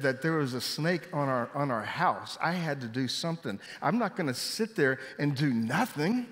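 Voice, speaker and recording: A man preaching a sermon, telling stories with lively delivery and raising his voice when he quotes people. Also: a little high. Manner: animated storytelling, voice jumping up for quoted shouts. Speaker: pastor. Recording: long hall reverb.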